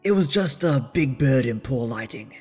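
A man voicing a carefree, playful young woman who talks in a high, insistent, girlish way. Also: animated, moderate pace, a little mellow, faint music behind, natural voice.

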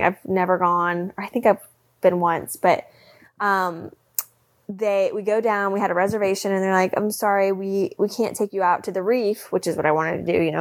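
A young woman with a mid-range voice co-hosts a podcast, telling a story casually and with animation and laughing often.

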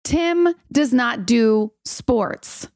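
A woman's voice: fairly high pitch, expressive, drawn-out words, a little mellow. A woman co-hosting a casual podcast, effusive and enthusiastic, heaping praise on her co-host.

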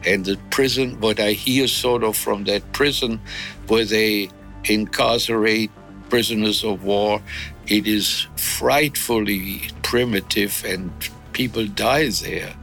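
An older man from Germany, interviewed about his past, speaking in a measured way with pauses. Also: fairly low pitch, fairly even intonation, a bit bright, faint music behind. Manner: measured, pausing with "uh". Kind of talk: recalled wartime testimony.

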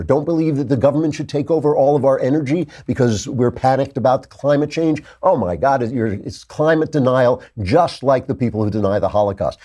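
Brief: male host, mellow and husky, indignant animated monologue. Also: medium pitch. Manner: animated, indignant, with sarcastic asides. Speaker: political commentary host. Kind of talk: opinionated monologue.

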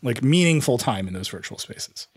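A man's voice: mid-range voice, moderate pace, slightly rough, no echo, studio quality. A man co-hosting a tech podcast, talking in a rambling, sarcastic way full of "like". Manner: animated, rambling, sarcastic with lots of "like". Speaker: podcast co-host. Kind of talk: casual panel discussion.

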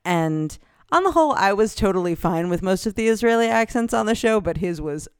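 Co-host, smooth voice, measured and informative, casual chat. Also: mid-range voice, animated, no echo, clean studio sound. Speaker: podcast co-host.

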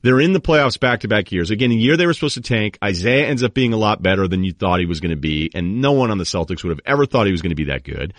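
Male sports podcast host, low register, dry studio sound, loose and animated ranting delivery. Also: quick pace, few pauses, no room sound. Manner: animated, rambling, puts on quoted voices. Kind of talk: casual sports rant.

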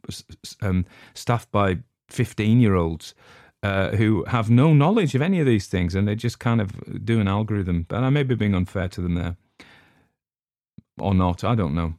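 A man's voice: lowish voice, warm tone, dry recording, clean studio sound. An older man hosting a podcast, chatting casually in a rambling, hesitant way with plenty of ums. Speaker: podcast host. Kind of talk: casual chat.

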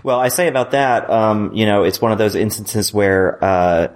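Hesitant man, lower voice. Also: steady tone, normal speed. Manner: hesitant, many fillers. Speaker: podcast co-host. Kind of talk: casual chat.

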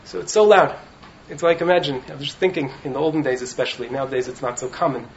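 A man giving an animated Torah talk as a rabbi in a study hall, often asking "right?" to his listeners. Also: fairly high pitch, fast talker, muffled recording. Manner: animated, keeps checking in with "right?". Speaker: rabbi teaching in a yeshiva.

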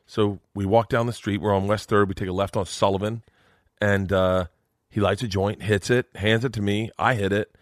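A male comedian telling an animated, profane story in a podcast conversation. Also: lowish voice, moderate pace, no echo, studio quality. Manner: animated, swearing, acts out voices.

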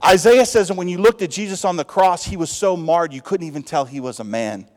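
A man with a Texas accent, a pastor preaching a lively sermon in a church, swinging from loud calls to hushed asides. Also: sits high. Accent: Texan. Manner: lively preaching with big swings in loudness, asides and quick jokes. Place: church sanctuary. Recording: long hall reverb.

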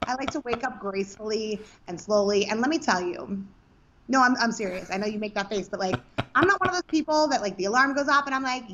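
A young woman co-hosting a podcast, chatting casually in a loud, energetic way. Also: fairly high pitch, quick pace, highs cut off, slight background noise. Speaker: podcast co-host. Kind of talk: casual chat.

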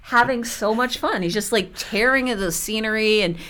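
A woman's voice: a little high, normal speed, a bit bright, a little hiss or hum. A woman co-hosting a podcast in casual chat, playful and teasing, laughing often. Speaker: podcast co-host.

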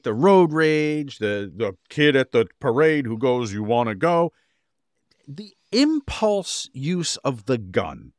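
A man's voice: a little high, no room sound, clean studio sound. A man co-hosting a podcast who talks emphatically, pressing his argument in casual chat. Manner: emphatic, argues his point hard. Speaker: podcast co-host. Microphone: podcast microphone.

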